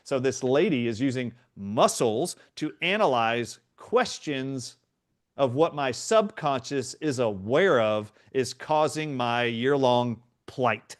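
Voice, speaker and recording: A man's voice: medium pitch, takes it slowly. Earnest middle-aged man telling a story. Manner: earnest, animated retelling with quoted voices. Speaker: guest. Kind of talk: storytelling in a conversation.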